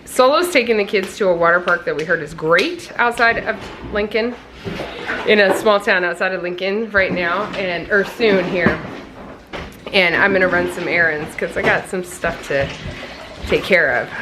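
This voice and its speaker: A woman's voice: fairly low pitch, moderate pace, noisy background. A woman in her thirties from Nebraska, chatting casually to camera in a family vlog and laughing often. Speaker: vlogger, mother.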